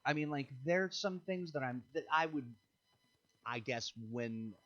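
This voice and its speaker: A man's voice: a little high, animated, measured pace, fairly bright tone, muffled recording. A man hosting a casual livestream chat over a video call, reading viewer comments with playful jokes and frequent laughs. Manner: joking, laughs often, playful asides. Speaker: host and show producer.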